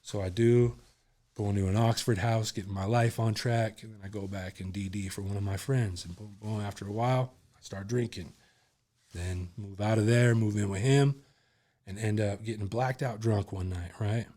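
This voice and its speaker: Low-voiced man telling a candid story. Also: steady tone, moderate pace, mellow. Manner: candid, rambling, heavy on fillers. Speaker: podcast guest.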